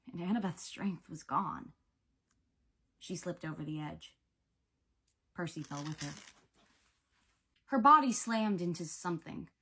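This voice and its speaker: A woman's voice: low-pitched, fairly bright tone, breathy edge. A woman reading a novel aloud with dramatic, varied pacing. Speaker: audiobook reader. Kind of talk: expressive book narration.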